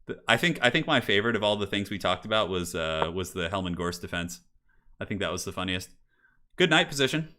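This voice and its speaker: A man's voice: low voice, expressive, a little fast, noisy background. A man casually commentating a chess match on a live stream, chatty and jokey, answering chat and swearing now and then. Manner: loose fillers, swears casually.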